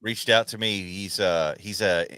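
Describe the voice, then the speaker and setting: Animated, smooth-voiced storytelling man. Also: low-pitched, unhurried, dry recording. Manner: animated storyteller, slangy, says dude and man a lot. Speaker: podcast guest. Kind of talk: casual chat.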